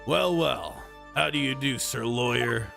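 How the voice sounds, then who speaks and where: A man's voice: medium pitch, measured pace, gravelly, music in the background. A man voicing a vain, theatrical male detective who talks about himself grandly. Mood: smug. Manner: grandiose, self-admiring.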